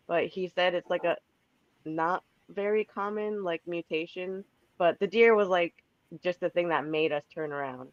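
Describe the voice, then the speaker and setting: A woman's voice: on the low side, no room sound. A woman calling into a podcast with a sick voice, telling a story in a chatty way and laughing between sentences. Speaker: caller. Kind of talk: casual storytelling. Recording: dull lo-fi call-in line.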